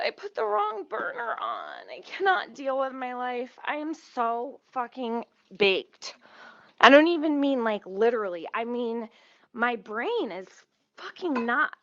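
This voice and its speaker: A woman's voice: fairly high pitch, creaky, fairly bright tone, no room sound. Rambling, foul-mouthed woman streamer, lo-fi sound. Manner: profane, rambling, easily sidetracked. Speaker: livestreamer. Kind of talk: casual storytelling on a livestream.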